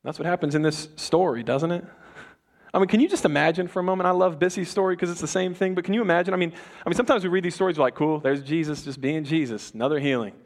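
A young adult man preaching a sermon to a congregation in a conversational, animated way, often restarting his sentences and acting out the people in the story. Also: sits high, very fast, gravelly. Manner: conversational, animated, self-interrupting. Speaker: pastor. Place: church before a congregation.

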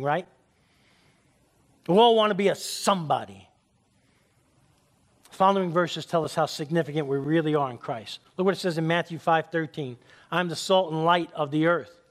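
A man's voice: a little high, moderate pace, long pauses. A male pastor preaching an emphatic sermon, leading the congregation to repeat after him. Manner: emphatic, leads congregation in call-and-response; tells jokes as stories.

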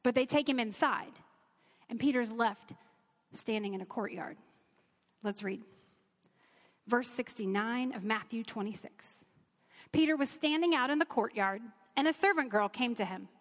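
Female Bible teacher, conversational and earnest, slightly high voice. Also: moderate pace, long pauses, in a large hall. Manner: earnest, conversational, reads scripture aloud.

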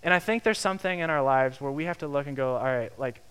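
A young man preaching a sermon in a lively, conversational way, acting out the quotes he tells. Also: mid-range voice, fast, clean tone. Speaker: pastor.

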